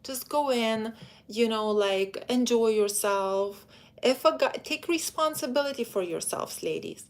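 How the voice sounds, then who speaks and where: A woman's voice: a little high, animated. A woman giving dating advice in a live stream, talking straight to her female viewers in a chatty, direct way. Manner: acts out quoted men in quick put-on voices. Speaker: dating coach.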